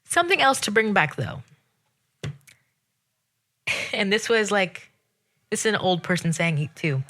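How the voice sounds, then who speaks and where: A woman talks on her own show in a loose, sassy rant, her voice bright and forceful. She sounds exasperated and animated, jumping up in pitch when something annoys her. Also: measured pace. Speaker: podcast host. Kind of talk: casual solo rant.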